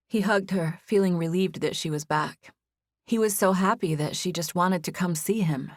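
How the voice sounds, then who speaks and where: Woman, audiobook narrator, measured storytelling, lowish voice, dry studio sound. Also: no room sound. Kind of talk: scripted narration.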